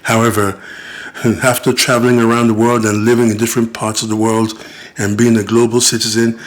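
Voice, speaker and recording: A man's voice: mid-range voice, fairly bright tone. A middle-aged British-born man and father, making an indignant, emphatic personal appeal to camera and acting out the voices he quotes. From Britain. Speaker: father and vlogger.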